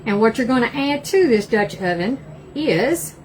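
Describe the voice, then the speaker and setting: With a slightly high voice and lively intonation at normal speed, an older East Texas woman chats casually with her livestream viewers as she cooks in her home kitchen. She's folksy, says y'all plenty, and background noise is audible.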